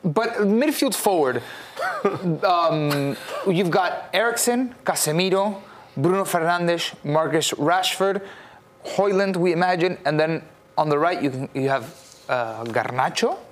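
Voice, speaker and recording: A man in a casual soccer podcast chat, lively and thinking aloud as he talks through a lineup, laughing easily. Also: fairly high pitch, a little slow, slight background noise. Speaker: soccer pundit.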